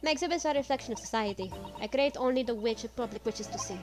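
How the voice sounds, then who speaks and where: A woman's voice: a little high, racing, natural voice. Woman putting on a mysterious French museum madame. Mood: grave. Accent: attempted French accent. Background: game music.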